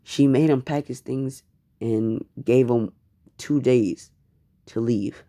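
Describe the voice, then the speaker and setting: A man's voice: medium pitch, slow pace, warm tone. A man narrating improvised fan fiction in a casual, rambling, profane way. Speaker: fan storyteller.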